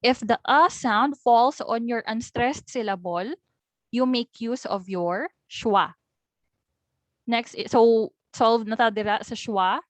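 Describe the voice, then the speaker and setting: A woman's voice: on the high side, no room sound. Filipino woman teaching a phonetics lesson. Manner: explains step by step, mixing in local words. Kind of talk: recorded online lesson.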